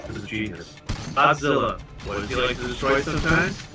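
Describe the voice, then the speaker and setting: An American man from Arizona, co-hosting a casual livestream chat as an animated, joking storyteller. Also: medium pitch, a little fast. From Arizona, USA. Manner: animated, joking storyteller who acts out voices. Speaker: co-host guest. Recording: echoey, distant mic with faint music.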